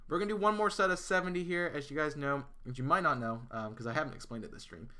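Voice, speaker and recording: A man's voice: on the high side, quick pace, bright, forceful tone. A man streaming a game live, chatting casually with his viewers, with lots of fillers and restarts. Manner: chatty, answers chat, many fillers and restarts.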